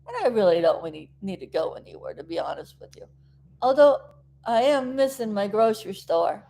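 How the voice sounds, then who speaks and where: Still recovering from an injury, a South Florida woman talks casually to her viewers, rambling and emotional, close to tears. Her voice is slightly high with a darkish tone.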